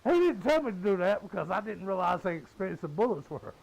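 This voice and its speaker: A man's voice: high voice, sing-song, a little fast, creaky, poor audio. A man in his fifties with a Southern US accent, ranting bluntly and swearing a lot while he plays a game. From Southern United States. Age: 50s. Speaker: gamer. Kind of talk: profane casual rant while gaming.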